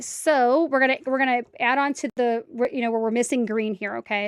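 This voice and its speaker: A woman's voice: on the high side, no room sound, clean studio sound. A woman streaming herself building a brick set, chatting casually to viewers and talking to herself as she corrects mistakes. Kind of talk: casual step-by-step build commentary.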